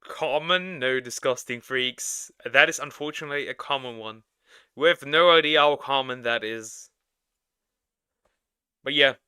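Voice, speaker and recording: A man reacts to a video on stream, dropping dry, joking remarks at an unhurried pace. His voice is bright and crisp, recorded close and dry with no room sound. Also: medium pitch, no echo. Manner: dry, jokey asides. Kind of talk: casual reaction commentary.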